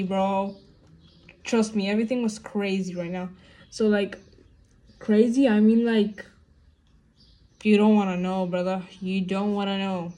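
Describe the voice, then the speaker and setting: A woman's voice: medium pitch, dark tone. A young woman venting in a casual get-ready-with-me vlog at home, rambling with lots of fillers. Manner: rambling, heavy on fillers like "like" and "you know"; upset and venting. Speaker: vlogger. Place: at home indoors.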